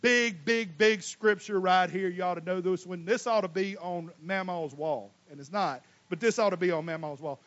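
High-voiced preacher. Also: male voice, moderate pace, hardly any pauses, highs cut off. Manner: animated preaching, swings from loud emphatic to quiet asides; folksy, casual Southern US speech. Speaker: pastor. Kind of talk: sermon.

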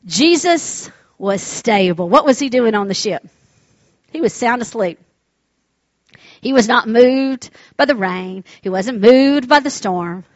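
A woman preaching a sermon with insistent repetition and calls for the congregation's response. Her voice sits fairly high. The recording is dry and slightly muffled. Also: animated, slow pace, no echo.

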